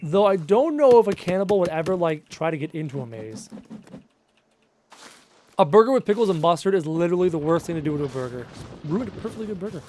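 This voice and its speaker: A man in his thirties talks loosely through a live gaming stream, reading out viewer comments and answering them one after another. His voice sits a little high for a man. A faint noise runs under the talk. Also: expressive, fast talker, a little mellow. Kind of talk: casual live-stream chat while playing.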